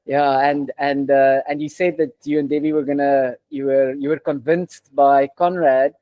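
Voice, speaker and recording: A man's voice: medium pitch, normal speed, dry recording. Hesitant man interviewer, lo-fi sound. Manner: relaxed, hesitant with many fillers. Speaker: race organizer interviewing runners. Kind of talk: casual interview. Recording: dull lo-fi sound.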